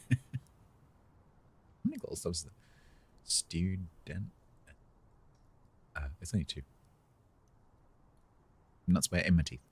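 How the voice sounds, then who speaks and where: A man casually chatting to his viewers while playing a game on a live stream, rambling in a relaxed way with chuckling asides. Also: low-pitched, a little slow, long pauses, husky.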